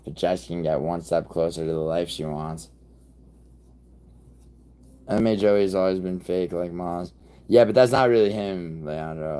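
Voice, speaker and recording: A man hosting a live stream, chatting loosely with viewers in a profane, rambling way, with sudden loud outbursts. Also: deep voice. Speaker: livestream host. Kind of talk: casual live-stream chat reacting to viewers.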